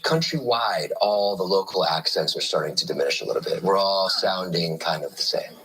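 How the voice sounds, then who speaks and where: A man's voice: low-pitched, expressive, a little fast, fairly bright tone, husky, poor audio. A man in his fifties co-hosting a talk show, bantering and leading into topics with playful segues. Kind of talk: casual chat.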